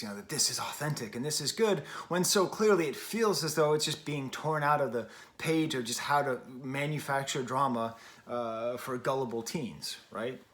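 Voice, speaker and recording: A middle-aged man hosts a music review show, giving a casual spoken review in a chatty, rambling style full of wry asides. His voice is fairly high-pitched with a fairly bright tone.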